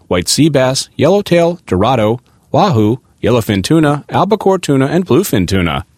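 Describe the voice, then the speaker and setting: Man reading aloud with a lively pitch. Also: dry recording, clean studio sound. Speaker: article reader. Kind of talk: reading a magazine article aloud.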